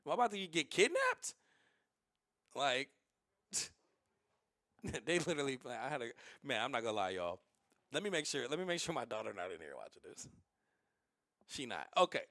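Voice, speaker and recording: A man streaming and telling stories in a casual, rambling, animated way, with many restarts. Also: medium pitch, normal speed, long pauses, no room sound, studio quality. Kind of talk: casual livestream storytelling.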